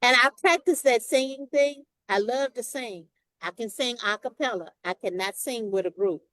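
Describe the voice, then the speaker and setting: A woman's voice: a little high, moderate pace, a bit bright, no room sound, poor audio. A woman with a Southern Texas accent, a longtime Toastmasters member speaking emphatically in a casual group discussion.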